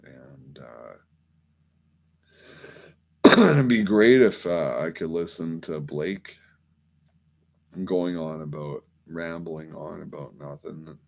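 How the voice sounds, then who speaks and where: Male host, meandering drawl, very slow and rough-edged, casual cussing. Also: a bass voice, expressive. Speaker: podcast host. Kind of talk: rambling late-night monologue.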